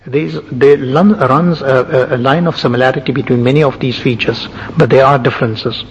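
A man giving a sermon, calmly listing and explaining numbered points to his listeners. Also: medium pitch, brisk, a little hiss or hum. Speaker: religious teacher. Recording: dull, echoing hall recording.

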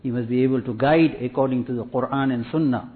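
Guy preaching a sermon, steady repeating rhythm, sounds like it's over a phone line. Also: mid-range voice. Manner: measured, repetitive preaching cadence. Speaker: Islamic preacher. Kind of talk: sermon with anecdotes. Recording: tinny phone-like audio.

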